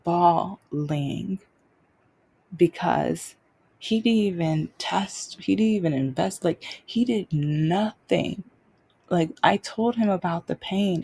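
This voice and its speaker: A woman's voice: mid-range voice, creaky, dark tone, breathy edge. A young adult woman hosting her own show, telling a personal story off the cuff and repeating phrases for emphasis. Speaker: podcast host.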